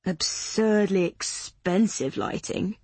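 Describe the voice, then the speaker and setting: A woman's voice: on the high side, a little fast, dry recording, lightly acted. A woman voicing a practical man who grumbles in a dry, unimpressed way. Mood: grumbling. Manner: grumbling, deadpan.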